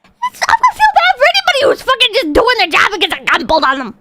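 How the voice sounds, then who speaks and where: A woman livestreamer commenting casually on videos, with profane, excitable outbursts between calm readings of donations. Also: very high voice, fast talker, noisy background.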